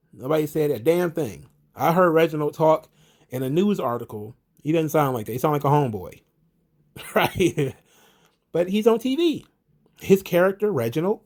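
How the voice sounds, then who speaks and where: A man hosting a casual wrestling commentary, talking in an animated, profane, rambling way with lots of fillers. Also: fairly high pitch.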